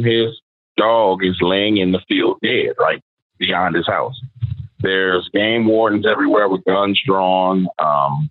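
Man, very deep, dry phone-line sound, relaxed storyteller. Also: dry recording. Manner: conversational, quotes people in his story. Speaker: podcast guest, paranormal storyteller. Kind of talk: casual storytelling.

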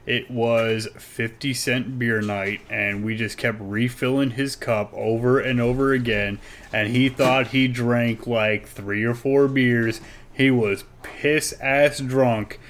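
A man's voice: mid-range voice, fairly even intonation, takes it slowly, a little hiss or hum. A man on a podcast telling a rowdy drinking story, brash and profane. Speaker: podcast co-host. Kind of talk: casual storytelling chat.

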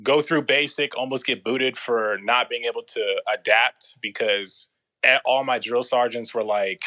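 A man telling a long story in a casual interview, slangy and profane, with loose rambling restarts and quick impressions of other people. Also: mid-range voice, steady tone, sharp tone. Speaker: guest.

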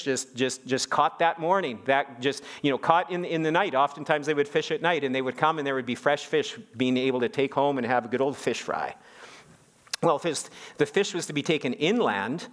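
A middle-aged pastor delivers a sermon in an animated way. He stumbles over repeated words and then climbs into emphatic, higher-pitched peaks.

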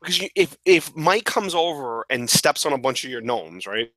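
A man's voice: a little high, normal speed, dry recording. A man co-hosting a podcast, joking and swearing in casual banter. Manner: laughing, profane, animated. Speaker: podcast co-host.

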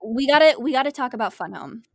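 Woman, slightly high voice, eager casual podcast host. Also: animated, fast talker, no echo, clean studio sound. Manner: eager, steering the talk. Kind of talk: casual chat.

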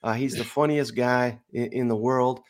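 A man's voice: medium pitch, steady tone, normal speed. A man appearing as a guest on a sports podcast, upbeat and laughing often as he talks up his own show. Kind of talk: casual interview.

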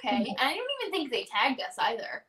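A young woman in her twenties chats as a guest on a podcast. She tells lively stories, acting out what she and her partner said, in a fairly high voice. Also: quick pace, a loud crowd. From Canada. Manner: lively storyteller quoting herself and her partner. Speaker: guest, country music singer. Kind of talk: casual interview chat.

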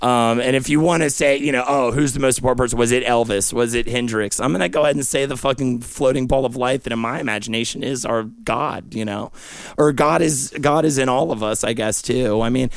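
A young man delivering a rambling, profane comedic monologue with sudden yelled outbursts, recorded close on a studio mic. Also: mid-range voice, a little fast, creaky, no room sound. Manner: absurd, profane stream of consciousness with sudden yelling. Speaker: podcast host.

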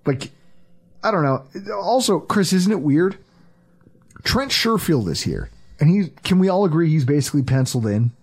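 Host pria, suara agak tinggi dan serak, obrolan olahraga yang hidup dan kasar. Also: male voice, a little high, normal speed, slightly rough. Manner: animated, profane, acts out quotes. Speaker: podcast host. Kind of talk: casual sports podcast chat.

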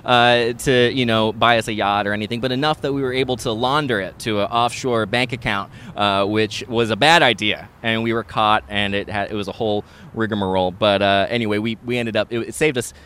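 A man co-hosting a podcast, reading a sponsor ad in a deadpan, rambling way full of fillers and jokes. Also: lowish voice, brisk, few pauses, a little hiss or hum. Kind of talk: jokey improvised ad read and casual chat.

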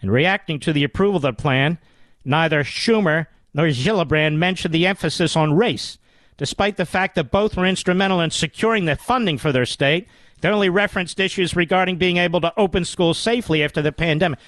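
A combative male talk radio host, sarcastic and prone to heated rants. His voice sits fairly high for a man. The studio sound is dry and close. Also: fairly quick, a bit bright, no echo. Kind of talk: political talk radio commentary.

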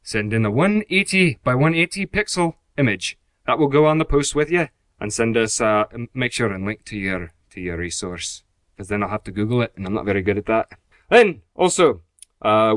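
A man's voice: mid-range voice, expressive, normal speed, dry recording, studio quality, natural voice. A man playing a podcast host who reads announcements in a hammed-up, put-on Scottish accent, stumbling now and then. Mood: hammy.

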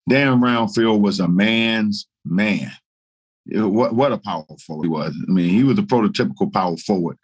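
A man, a guest telling lively stories in casual chat and laughing through them. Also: lowish voice, normal speed, breathy edge. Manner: animated storyteller, laughing through anecdotes. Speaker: guest, retired basketball player.

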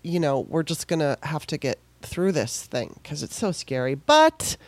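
A woman's voice: low voice, sing-song, moderate pace, no echo. A middle-aged woman hosting a podcast, talking in a loose, emotional monologue with many restarts. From California. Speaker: podcast host. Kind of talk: casual monologue.

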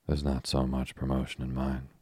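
Brief: a man voicing a gloomy, honest young ex-soldier in a storybook, very low, husky voice. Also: dry recording, studio quality. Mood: glum. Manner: soft, even, unhurried reading.

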